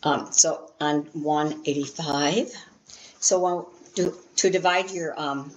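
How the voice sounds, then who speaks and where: A woman teaching an introductory Hebrew class from a textbook, explaining step by step and filling pauses with "um". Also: deep voice, fairly even intonation, lo-fi sound. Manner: frequent "um" fillers, patient step-by-step explaining.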